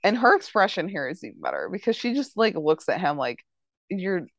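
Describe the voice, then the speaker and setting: Woman podcast host, casual recap chat, filler-heavy delivery, animated intonation, dry mic. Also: on the low side, fast, no room sound. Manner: chatty, full of "like" and "um" fillers.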